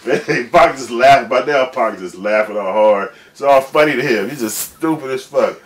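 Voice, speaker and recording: A man's voice: mid-range voice, moderate pace. A man in his forties, a guest telling a long, rambling story in profane, slangy casual speech. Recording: distant mic with faint background noise.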